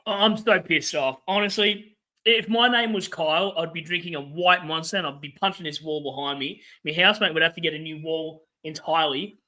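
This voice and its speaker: A young Australian man rants through a casual livestream, swearing freely and turning to answer his chat. His voice sits a touch high and sounds bright and forceful. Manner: ranting, profane, quick asides to chat. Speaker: fantasy football livestream host. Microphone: webcam setup.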